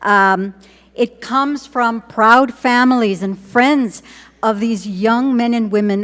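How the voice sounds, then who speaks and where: A woman superintendent giving a graduation speech, warm and encouraging, with deliberate pauses. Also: on the high side. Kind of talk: ceremonial speech. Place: large hall at a graduation ceremony. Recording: long hall reverb.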